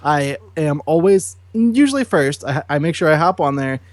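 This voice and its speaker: A man with a somewhat high voice tells stories on a casual podcast and laughs as he goes. The sound is dry and close, with no room echo. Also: normal speed. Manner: animated storytelling, laughs often. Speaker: co-host. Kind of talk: casual chat.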